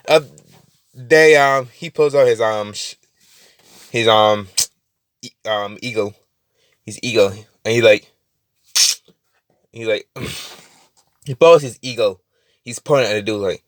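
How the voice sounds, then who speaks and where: Young male storyteller, improvised and rambling, stumbling through fillers; low voice, dry recording. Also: a little slow, pauses often, fairly bright tone, no echo. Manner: rambling, many fillers and restarts, swears.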